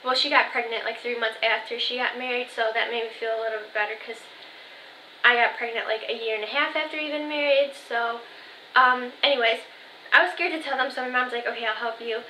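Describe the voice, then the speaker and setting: A woman's voice: on the high side, fairly even intonation, fairly quick, sharp tone, a little hiss or hum. A twenty-year-old woman vlogging in casual chat, telling a story with lots of "like" and "um" and quoting her family's texts. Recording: echoey room.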